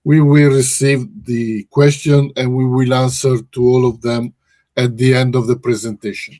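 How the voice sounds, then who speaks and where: A man's voice: mid-range voice, little pitch movement, normal speed, warm tone, no room sound. A man hosting a research webinar, speaking hesitantly and often correcting himself. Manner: hesitant, frequent restarts and self-corrections. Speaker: webinar host and research director. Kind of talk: presenting a webinar. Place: office in Brussels.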